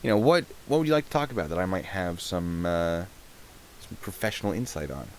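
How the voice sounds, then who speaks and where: A man's voice: low voice, expressive, fairly quick, a little hiss or hum. A man in his thirties hosting a live stream, chatting casually and rambling while answering chat questions.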